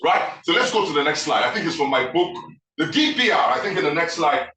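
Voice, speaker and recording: A man speaking as guest author to a live audience, animated and constantly asking the room questions. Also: fairly high pitch, brisk. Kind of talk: interactive talk to a live audience. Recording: echoey room, voice from a distance.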